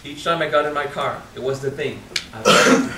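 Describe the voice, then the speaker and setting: A man in his thirties with a French accent, speaking at a spiritual seminar, frank and animated, swearing casually and drawing out key words. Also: on the high side, normal speed, roomy sound, distant mic, noisy background. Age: 30s. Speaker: spiritual teacher. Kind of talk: seminar talk.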